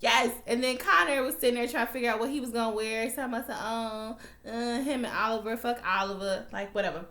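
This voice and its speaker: Fired-up woman vlogger, bright voice. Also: on the high side, fast talker, few pauses. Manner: animated, swearing, talks to viewers as y'all. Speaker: TV recap vlogger. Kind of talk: emotional casual recap. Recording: echoey room.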